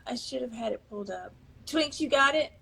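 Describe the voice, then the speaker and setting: A woman's voice: fairly high pitch, lively intonation, fairly quick, vocal fry, pushed and bright, slightly rough, rough recording. A woman on a video call, reading her poetry on a livestream, flustered and apologetic as she hunts for her page. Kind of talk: casual livestream chat.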